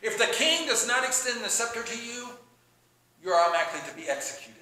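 A man preaching a sermon, retelling a scripture story with animated storytelling and acting out the characters' lines. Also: very high-pitched, quick pace. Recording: echoey room with faint background noise.

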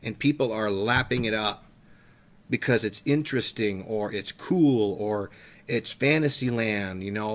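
A man's voice: lowish voice, a little slow. A man preaching fervently on a talk show, emphatic and emotional, his voice climbing when he gets worked up.

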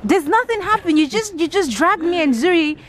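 A woman's voice: extremely high pitch, lively intonation, fairly quick, a crowd in the background, rough recording. A woman vlogging casually outdoors, scolding and exasperated in a dramatic way. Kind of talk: casual vlog chat.

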